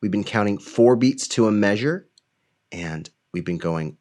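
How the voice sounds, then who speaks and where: A man's voice: mid-range voice, unhurried. A man leading a kids' music lesson, singing, clapping and talking to the children in a playful way. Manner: animated, playful, sings and claps along. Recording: loud music behind.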